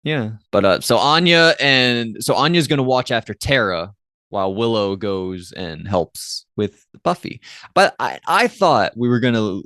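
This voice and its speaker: Animated but a little slow, a man with a slightly bright mid-range voice co-hosts a podcast in casual, rambling chat full of restarts and fillers. The studio sound is clean, with no room sound.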